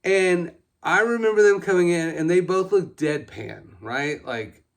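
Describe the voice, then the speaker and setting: A man's voice: high-pitched, unhurried, creaky. A man in his forties, a doctor presenting a patient case in a casual, candid way, self-deprecating and full of fillers.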